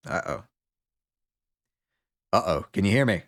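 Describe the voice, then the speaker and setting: A man's voice: sits low, expressive, unhurried, creaky, a bit bright. A man streaming a video game live, chatting casually, joking, laughing, and reading viewer messages aloud.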